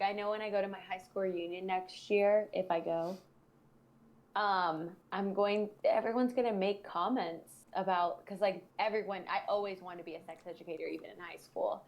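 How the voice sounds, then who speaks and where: A woman in her twenties hosting a podcast as a sex educator, talking bluntly and sassily with plenty of swearing. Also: medium pitch. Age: 20s. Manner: blunt, heavily profane, sassy. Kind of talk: casual podcast chat.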